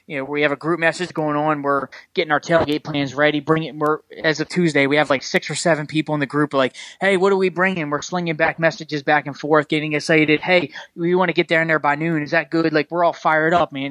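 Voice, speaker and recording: A man's voice: medium pitch, a bit bright, dry recording. A man co-hosting a casual sports podcast, talking with passion in a rambling way, full of fillers. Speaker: podcast co-host.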